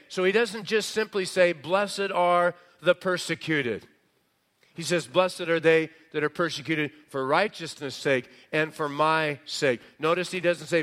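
A male pastor preaching a sermon slowly and emphatically, sometimes dropping into a quieter, conversational aside. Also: fairly high pitch.

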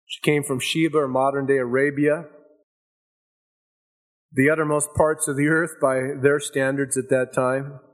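A man's voice: mid-range voice, little pitch movement, a little slow, long pauses. Emphatic, dramatic male preacher. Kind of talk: sermon.

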